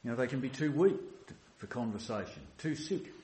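A man's voice: medium pitch, expressive, a little fast, a little mellow, roomy sound, slight background noise. A man preaching a sermon as a pastor in a church, talking earnestly with restarts and many "you know"s.

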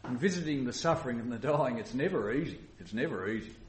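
A man's voice: medium pitch, expressive, quick pace, reverberant. A man preaching a sermon as a pastor in a church, talking earnestly with restarts and many "you know"s.

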